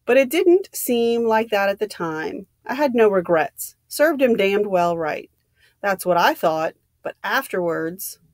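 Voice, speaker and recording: A woman's voice: mid-range voice, sing-song, a little slow, dry recording. A woman reading as a weary old general. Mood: musing. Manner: gentle, musing, grave. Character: old male army general, quiet and weary.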